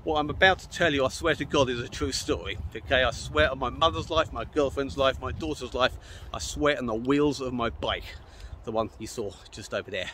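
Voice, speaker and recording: A man in the middle of his pitch range telling a funny travel story. He rambles, repeats himself, and keeps stumbling into "I said" while retelling a conversation. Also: brisk, bright, forceful tone, slight background noise. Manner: rambling, repeats himself, lots of "I said" and stammered restarts. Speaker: vlogger telling a cycling trip story. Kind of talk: casual spoken anecdote.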